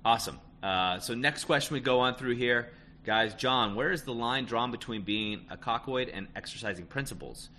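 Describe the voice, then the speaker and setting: Here a man of medium pitch talks relationships with listeners, his tone bright and forceful and his pace moderate. It's casual, emphatic advice, peppered with "right?" and the repeated phrase "end of story," over slight background noise.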